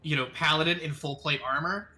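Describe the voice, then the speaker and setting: Male game master, sharp bright voice, laid-back, curses freely, lots of ums. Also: a little high, fairly even intonation, a little fast, soft background music. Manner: casual, swears a lot, many ums. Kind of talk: running a tabletop game over voice chat.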